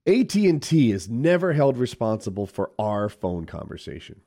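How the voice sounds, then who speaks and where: A man's voice: lowish voice, sing-song, normal speed, warm tone. A man co-hosting a casual podcast chat, rambling a little and searching for words. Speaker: podcast co-host.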